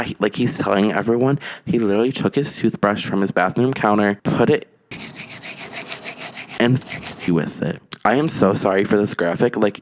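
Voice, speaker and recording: A man in whispered role-play, softly retelling a storytime in the first person. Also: on the low side. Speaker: YouTuber.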